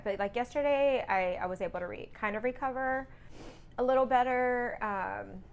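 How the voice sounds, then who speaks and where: A woman's voice: mid-range voice, normal speed. A woman talking in a casual vlog about her truck driving lessons, rambling and correcting herself as she goes.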